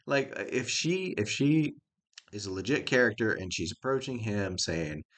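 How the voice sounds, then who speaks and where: A man's voice: on the low side, very animated, moderate pace, a bit bright. A middle-aged man giving a casual, rambling spoken review of a show, folksy and chuckling often.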